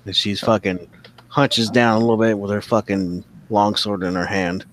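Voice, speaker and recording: Low-voiced profane game master. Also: male voice, steady tone, normal speed. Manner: vivid, profane storytelling narration. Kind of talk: narrating a tabletop game, casual and profane.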